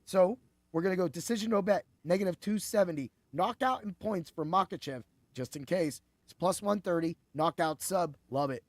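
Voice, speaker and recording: A man hosting a casual sports betting podcast, talking in an excitable, rambling way, swearing and laughing freely. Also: high voice, normal speed, dry recording. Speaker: podcast host.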